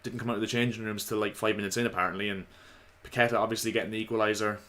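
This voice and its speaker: A man giving casual, opinionated football commentary to his viewers, slightly hoarse. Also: lowish voice, fairly even intonation, rapid-fire, bright, forceful tone. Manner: chatty, opinionated, addresses viewers as lads. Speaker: football vlogger.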